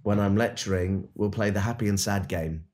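A man, a dentist and business coach, guesting on a podcast and telling stories in an animated, earnest coaching tone. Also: fairly low pitch, normal speed. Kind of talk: casual podcast storytelling.

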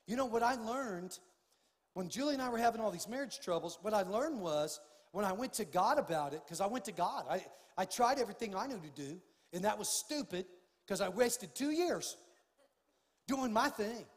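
An older man preaching a sermon as pastor, impassioned, swinging from hushed tones to loud outbursts. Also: high voice, lively intonation, moderate pace, long reverb tail. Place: church sanctuary.

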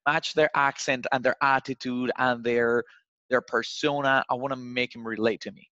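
A man's voice: mid-range voice, fairly even intonation, normal speed, bright, forceful tone, no room sound. A man giving casual sales advice, loose and chatty, tagging his points with "right?". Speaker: sales coach. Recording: dull, dry recording.

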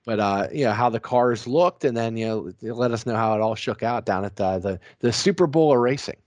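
A man's voice: mid-range voice, a little fast, a little mellow, no echo. A man co-hosting a podcast, casually setting up a question for his partner with hesitant fillers. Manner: hesitant, loose set-up questions. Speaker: podcast co-host. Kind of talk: casual sports chat.

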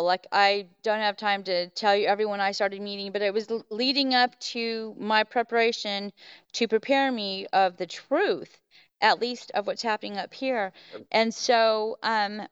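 A woman's voice: medium pitch, smooth, dry recording, lo-fi sound. A middle-aged woman, a podcast guest, telling a story in a rambling way full of fillers and restarts. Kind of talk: casual storytelling.

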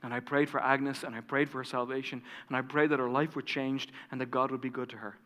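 A male pastor telling a story in a sermon, dramatic and dropping to a hush at key moments. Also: mid-range voice, flat delivery, fast talker. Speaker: lead pastor. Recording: reverberant church hall.

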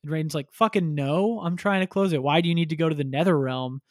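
A man's voice: on the high side, quick pace, dry recording, studio quality. A man chatting casually on a podcast, retelling a story and acting out characters with crude humor. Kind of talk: casual chat.

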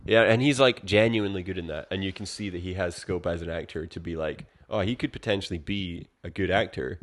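A man's voice: low voice, brisk. A young man chatting easily on a podcast, agreeing a lot and talking in loose, filler-heavy runs. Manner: easygoing, agreeable, lots of fillers. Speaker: podcast co-host. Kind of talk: casual chat.

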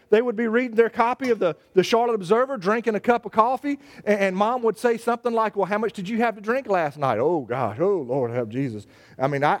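A man preaching a sermon in an animated way, stammering and restarting, and acting out the voices he quotes. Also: very high-pitched. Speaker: pastor.

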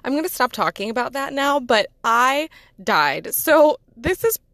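A woman's voice: high voice, very animated, unhurried, fairly bright tone, dry recording. A woman, chatting casually and rambling, laughing often at herself. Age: 30s. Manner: giggly, rambling, self-deprecating. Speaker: podcast host. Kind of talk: casual personal chat.

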